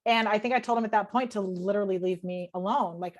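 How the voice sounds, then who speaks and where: Talking fast at a medium pitch, a woman guesting on a podcast via video call shares a personal story full of strong emotion. She swears freely and keeps quoting the thoughts in her own head.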